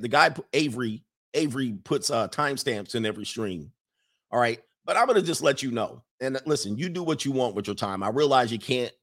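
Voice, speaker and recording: On his streaming podcast, a man casually goes through what viewers have asked, his voice sitting in the mid-range. He's animated, often breaking into laughter and hammering points home by repeating them.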